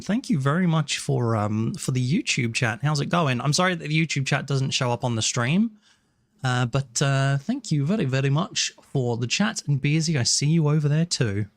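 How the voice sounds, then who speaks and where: A man's voice: medium pitch, expressive, moderate pace, dry recording. A casual English streamer, a man with an English accent, talking with his viewers from his room at home. His voice sits in a middle register and is recorded dry and close, with hardly any room sound. He rambles, thanks people and restarts his sentences often. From England. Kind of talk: casual live-stream chat. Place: small warm room at home.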